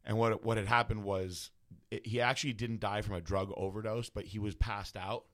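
A man's voice: fairly low pitch, fairly even intonation, normal speed, a bit bright. A man, a bodybuilder guest, telling a personal story in a casual, profane way, full of filler words.

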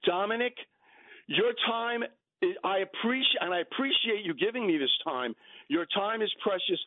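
A man's voice: sits high, lively intonation, normal speed, no echo. A man calling in to a radio talk show, arguing his point emphatically and repeating himself. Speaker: caller. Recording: tinny phone line.

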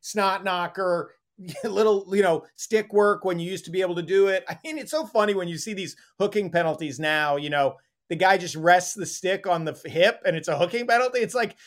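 A man co-hosting a sports and gambling podcast, talking in fast, profane, laughing riffs. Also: high-pitched. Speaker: podcast co-host. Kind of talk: casual sports chat.

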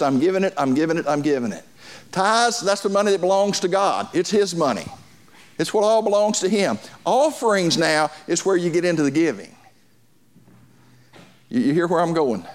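A male pastor preaching a sermon to his congregation, repeating phrases and calling for responses. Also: high voice.

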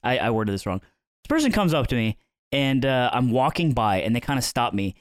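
Man, podcast co-host, lively anecdote teller, mid-pitched voice, dry close sound. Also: a little fast, dry recording. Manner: animated, acts out quoted people with sudden pitch jumps. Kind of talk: casual storytelling chat.

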